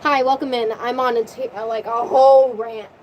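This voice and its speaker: A woman with a fairly high voice rants through a story recap, animated and swearing freely. Her voice sounds tired from talking a long time, with a faint hum of background noise. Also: poor audio. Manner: animated, profane, rapid recap. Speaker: vlogger. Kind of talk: casual storytelling rant.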